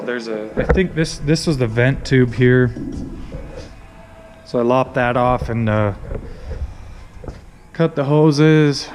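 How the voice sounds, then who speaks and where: A man talks through a truck build in a casual, rambling way, full of fillers and half-finished thoughts. His voice sits at an ordinary middle pitch. The shop adds a long reverb and a faint hum of ambience. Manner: rambling, many fillers and restarts. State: hiccuping. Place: workshop.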